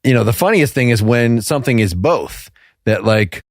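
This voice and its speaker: A man's voice: medium pitch, lively intonation, normal speed, dry recording, studio quality. A man co-hosting a podcast in casual talk, musing aloud and laughing between thoughts. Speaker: podcast co-host.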